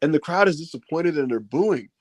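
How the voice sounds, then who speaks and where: A man's voice: fairly high pitch, brisk, no echo. Casual man recapping a wrestling show. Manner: animated retelling, acts out quotes in raised shouts.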